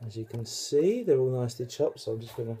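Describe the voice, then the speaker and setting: A British man hosts a casual home cooking demonstration in his kitchen, chatting and cracking self-deprecating jokes. His medium-pitched voice is warm with lively intonation, he talks fast, and there's slight background noise.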